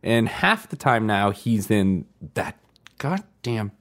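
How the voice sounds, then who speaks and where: A man's voice: lowish voice, very animated, slow pace, a bit bright. A man co-hosting a casual chat about parenting, musing and analytical, often laughing. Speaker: podcast co-host and parent.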